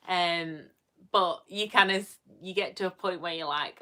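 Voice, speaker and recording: A woman's voice: low-pitched, a little slow, pushed and bright. Bubbly woman with broad Yorkshire accent. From Yorkshire, England. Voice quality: a bit gruff. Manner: chatty, bubbly, rambling with fillers. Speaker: vlogger livestreaming to viewers. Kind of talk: casual chat with live viewers.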